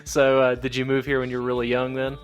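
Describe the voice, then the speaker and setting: A man's voice: mid-range voice, monotone, fast, dull audio, faint music behind. A man with a Southern Ohio accent hosting a podcast, chatty and friendly, laughing often. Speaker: podcast host. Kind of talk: casual podcast interview.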